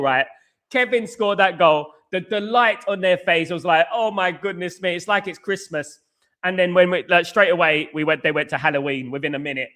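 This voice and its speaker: A man hosting a casual live stream chat, excitable, repeating phrases and reading out comments. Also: high voice.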